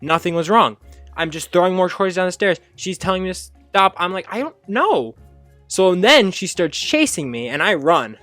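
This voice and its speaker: A man casually telling a funny childhood story, rambling with fillers and self-corrections and jumping up high when he acts out his younger self. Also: animated, moderate pace, pushed and bright, no room sound, faint music behind. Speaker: storyteller host.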